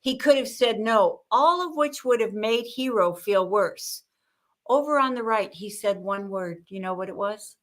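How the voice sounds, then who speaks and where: An older woman, a guest on an interview show, telling lively stories about communication and acting out the people she quotes. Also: mid-range voice, a little slow. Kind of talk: conversational interview with storytelling.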